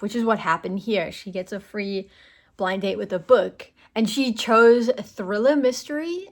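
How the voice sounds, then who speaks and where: A woman hosts a book vlog and comments on clips in a loose, chatty way. Her voice sits in a middle range, easygoing and conversational. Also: medium pitch. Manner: chatty, loose, many fillers like "like". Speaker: book channel host.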